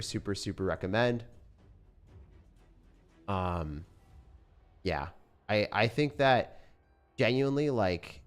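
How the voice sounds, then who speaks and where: A young man with a fairly low voice talks loosely to his stream viewers. His delivery rambles along with plenty of fillers and restarts. Faint music plays quietly underneath. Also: clean tone. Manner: relaxed, rambling, lots of fillers. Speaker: gaming streamer. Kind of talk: casual sponsored stream chat.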